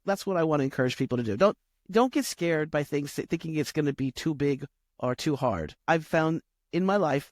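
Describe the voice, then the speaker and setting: A woman's voice: lowish voice, a little mellow, dry recording, studio quality. A woman who coaches podcasters, speaking as an interview guest in an upbeat, encouraging way. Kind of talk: interview conversation.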